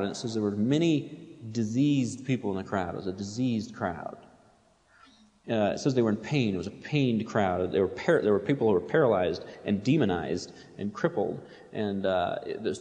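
With a lowish, slightly mellow voice, a pastor delivers a sermon, speaking conversationally and plainly except when he reads quotations, which grow more intense. Long hall reverb fills the recording.

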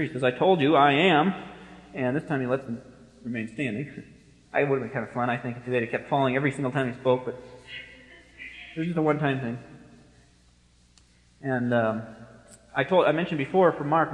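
A male pastor delivering an expository sermon. He moves between hushed, low stretches and forceful, emphatic bursts. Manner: emphatic, swings from hushed to forceful, quick asides. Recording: echoey hall with long reverb.

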